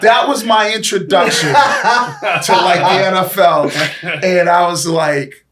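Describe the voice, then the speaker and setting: This East Boston guest, a former pro football player in his forties with a thick Boston accent, speaks in a high voice, a touch slow, against a noisy crowd. On the casual podcast he's animated and profane, rambling through stories and laughing a lot.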